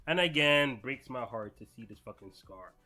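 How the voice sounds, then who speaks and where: A young man hosting a casual manga reaction vlog, excitable and slangy, swearing and talking straight to his viewers. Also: medium pitch, moderate pace, soft background music.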